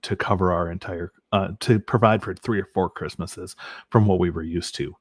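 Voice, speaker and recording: A man's voice: low-pitched, steady tone, normal speed, husky, dry recording, studio quality. A man from Michigan, a podcast guest, giving an earnest personal faith testimony with many ums and restarts.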